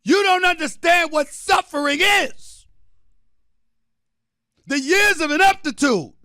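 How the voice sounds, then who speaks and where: High, bright-voiced man ranting loudly. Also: no echo, studio quality. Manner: emphatic, theatrical, often shouting; drawn-out repetition for effect. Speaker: sports debate host. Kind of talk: impassioned sports talk rant.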